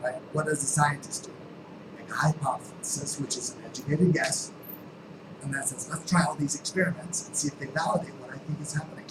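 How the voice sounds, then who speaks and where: A man with a somewhat high voice leads a training session, telling stories and acting out the characters with emphatic, sometimes shouted lines. The mic sits well back from him, so the room echoes around his words. A steady air conditioning hum runs underneath. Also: a little fast, recorded from a distance. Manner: storytelling, acts out quotes with shifting voices; emphatic, rising to near-shouts. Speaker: real estate sales trainer. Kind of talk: live training talk.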